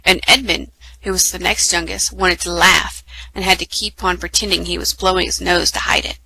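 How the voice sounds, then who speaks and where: A woman reading a children's book aloud at story time, lively and with small self-corrections. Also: on the low side, normal speed, gravelly, a little hiss or hum, low-quality recording. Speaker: storytime reader.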